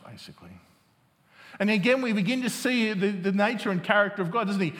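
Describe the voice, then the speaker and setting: A man delivers a sermon in a fairly high voice that rings through the long reverb of a large hall. He reads scripture aloud and keeps checking in with his listeners, asking "don't we?" and "isn't it?" between restarts. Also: a little fast, fairly bright tone. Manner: asks the congregation "isn't it?" often, with restarts. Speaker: preacher.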